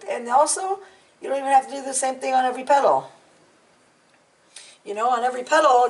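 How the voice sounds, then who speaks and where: A woman's voice: fairly high pitch, far from the mic, low-quality recording. A woman hosting a casual real-time coloring tutorial, chatty and encouraging, trailing off and repeating words as she works. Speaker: art tutorial host.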